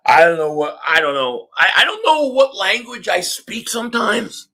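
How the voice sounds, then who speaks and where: High, bright-voiced man ranting live. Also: moderate pace, hardly any pauses. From Philadelphia area. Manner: excitable, often shouting and ranting. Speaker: live stream sports reaction host. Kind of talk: live game reaction rant.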